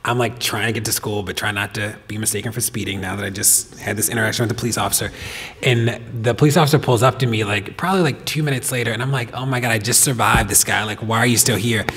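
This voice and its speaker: A man telling a personal story to a host on stage, animated, laughing often and talking with lots of fillers. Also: fairly low pitch, quick pace. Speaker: podcast guest. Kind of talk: storytelling in a live talk. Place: stage of a performance venue. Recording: long reverb of a hall.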